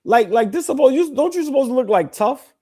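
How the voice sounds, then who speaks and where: A man co-hosting a live basketball reaction show, talking loud and profane with mocking asides. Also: very high voice, animated, brisk, husky. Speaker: podcast co-host. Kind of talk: casual sports reaction chat.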